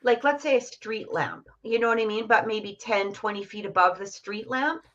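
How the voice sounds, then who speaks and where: A middle-aged woman with a fairly high voice rambles through a personal story. She talks casually, with plenty of fillers, restarts and easy laughter. The stream audio is dull and muffled. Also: moderate pace, background noise. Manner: chatty, many fillers and restarts, laughs often. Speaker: guest telling a personal story.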